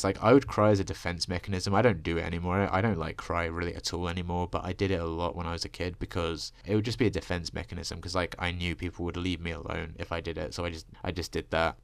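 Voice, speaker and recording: A young man talks fast and low in a long profane rant, stringing thoughts together with "like" and "you know." His voice sits deep, and the recording is close and dry with no room sound. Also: creaky, no echo. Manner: ranting, profane, filler-heavy with frequent "like" and "you know". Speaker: vlogger. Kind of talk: rambling personal monologue. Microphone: desk microphone.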